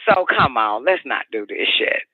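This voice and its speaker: A man's voice: mid-range voice, lively intonation, moderate pace, dry recording, lightly acted. A man voicing a furious woman who rants and curses scornfully at her partner, over a phone-like radio line. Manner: profane, shouting, scornful rant.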